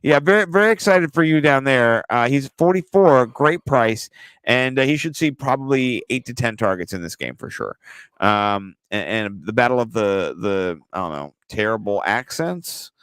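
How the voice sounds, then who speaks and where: Animated, joking man talking fantasy football. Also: mid-range voice, normal speed, clear, resonant tone, no room sound. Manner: joking, profane, animated banter. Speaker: podcast co-host. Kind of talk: casual fantasy football chat.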